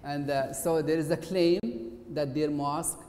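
In an echoey university auditorium with faint hiss, a middle-aged occupational therapist gives a lecture. His voice is a little high and darkish, level in tone and a little slow. He presents conversationally but somewhat hesitantly.

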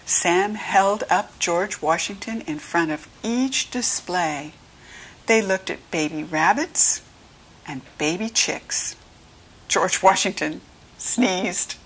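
An American woman reads a children's storybook aloud for young listeners, slowly and clearly in a teaching style. She raises her pitch brighter when quoting the children.

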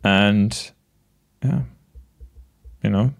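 A man in his late twenties talking to the camera in a casual, reflective monologue, gentle and halting, with many restarts and soft laughs. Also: fairly low pitch, gravelly. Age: late 20s. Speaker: vlogger.

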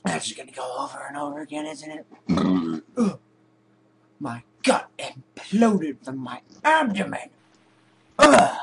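A man's voice: medium pitch, wildly swooping pitch, a little slow, vocal fry, pauses often, a bit bright, slight background noise. A man commentating on a horror game, sarcastic and jokey, swearing now and then. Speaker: gaming video host.

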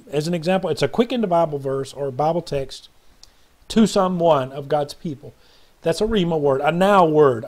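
Male preacher with a high, mellow voice, delivering an earnest, rambling sermon to camera. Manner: earnest, rambling, preachy, acts out quotes in a parable. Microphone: webcam or phone video.

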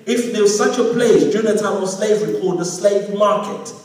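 A man's voice: high voice, fairly quick, a little mellow. A man preaching a sermon, emphatic, calling for amens from the congregation. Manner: emphatic, calls for amens, acts out quoted voices. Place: church hall. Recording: echoey church hall from far off. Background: congregation murmuring responses.

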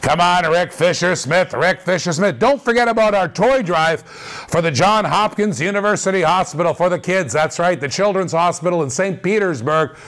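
A man hosting a live auction stream, calling out dice throws with energetic, repetitive hype patter. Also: high voice, normal speed.

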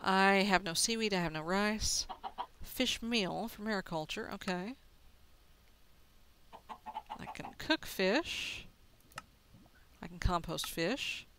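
A let's play gamer, a woman with a medium-pitched voice, casually comments on her own gameplay against some background noise. She takes it slowly with frequent pauses, chatting to herself, narrating what she does, and laughing at her mistakes.

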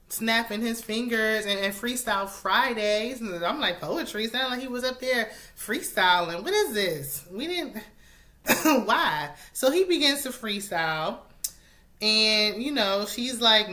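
Chatty woman with a bright, forceful voice. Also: medium pitch. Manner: chatty and opinionated, laughs often. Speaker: reality TV recap host. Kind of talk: casual reality show recap.

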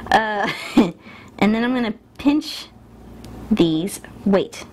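A woman's voice: medium pitch, animated, slow pace, long pauses, darkish tone, slight background noise. Chatty woman filming a lash tutorial. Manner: chatty, self-interrupting, laughs at herself. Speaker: beauty vlogger. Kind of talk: casual tutorial chat. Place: indoors at a mirror.

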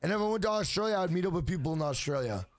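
A man's voice: high voice, lively intonation, racing, no room sound. A man live-streaming a video game, chatting casually with viewers in a rambling, profane way.

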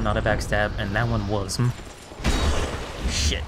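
Sarcastic lower-voiced man, gaming commentary. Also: little pitch movement, moderate pace, loud music behind the voice. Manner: sarcastic, muttering to himself. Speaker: gameplay commentator. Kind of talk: casual let's-play commentary.

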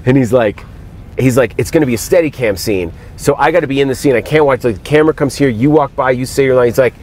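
A man telling animated stories as a guest in a moving car, acting out quotes in other voices. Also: mid-range voice, fast talker. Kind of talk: casual storytelling in a car.

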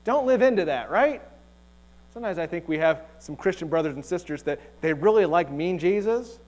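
Man, pastor; relaxed, joking sermon delivery, slightly high-pitched, church setting. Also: a little fast. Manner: chatty, joking, asks rhetorical questions. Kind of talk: conversational sermon. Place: church sanctuary.

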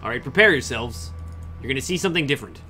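Lively, bright-voiced young man streaming. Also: medium pitch, quick pace. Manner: chatty, swearing, reading chat aloud and answering. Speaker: game streamer. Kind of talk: casual livestream chat with viewers. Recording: faint music behind the voice.

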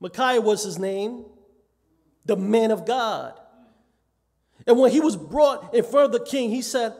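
High-voiced man preaching in a reverberant church. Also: measured pace, gravelly, long pauses, darkish tone. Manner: emphatic, repeats phrases, acts out quoted voices. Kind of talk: sermon. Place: church sanctuary. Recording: church live stream with long reverb.

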